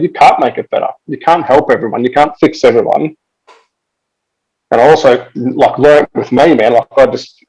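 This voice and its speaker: A man's voice: mid-range voice, a little mellow, rough recording. A man, a podcast guest talking in casual chat, laid-back and swearing freely, saying "man" and "like" a lot.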